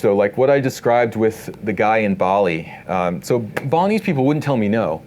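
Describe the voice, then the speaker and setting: A man giving a casual live workshop talk to an audience in an event space, relaxed and talkative, full of filler words. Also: medium pitch, slight background noise. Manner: relaxed, talkative, many "like" and "you know" fillers.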